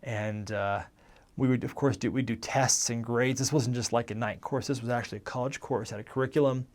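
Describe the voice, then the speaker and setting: A man's voice: medium pitch, steady tone, brisk, darkish tone. Man recounting his missionary years. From United States. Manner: rambling and conversational, with frequent self-corrections. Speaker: former missionary telling his life story. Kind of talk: casual personal storytelling.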